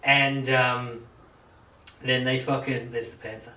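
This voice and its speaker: A man's voice: medium pitch, slow pace. Male podcast host, casual swearing storyteller acting out quotes; roomy shed sound from a distance. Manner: profane, animated, acts out quotes. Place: home shed. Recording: echoey shed, mic at a distance.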